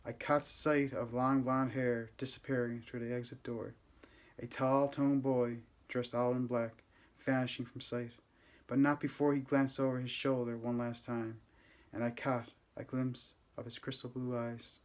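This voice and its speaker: A man reading a first-person novel aloud, with steady, gentle, unhurried storytelling. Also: medium pitch. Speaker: audiobook reader.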